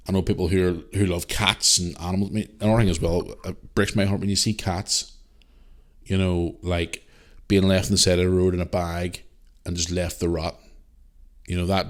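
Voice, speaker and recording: This is a man with a low, deep voice talking through a solo podcast episode. He rambles casually as he answers listener emails, repeating himself, restarting sentences and swearing bluntly. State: parent, a single dad. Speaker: podcast host.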